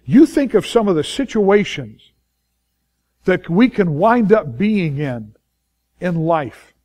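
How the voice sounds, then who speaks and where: A man's voice: sits high, big pitch swings, slow pace, a little mellow. A man preaching a sermon as pastor, emphatic and repeating his key phrases, acting out the inner voices of worried people.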